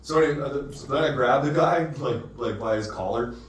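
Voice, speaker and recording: A man's voice: medium pitch, brisk. A man telling a rambling, profane anecdote as a podcast co-host, recorded in a casual chat. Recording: echoey room, distant mic, faint noise.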